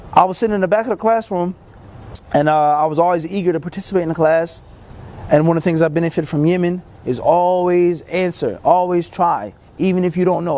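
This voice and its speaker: A man, an Islamic teacher, telling a personal story in a casual, animated way and acting out other people's lines. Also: high voice, fast. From United States. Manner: casual, many fillers like "you know".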